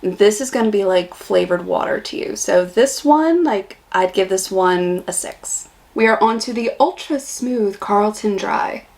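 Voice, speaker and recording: A woman's voice: mid-range voice, unhurried, creaky, few pauses, a little mellow, slight background noise. A young American woman vlogging a casual beer taste test, chatty and blunt in her reactions. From United States.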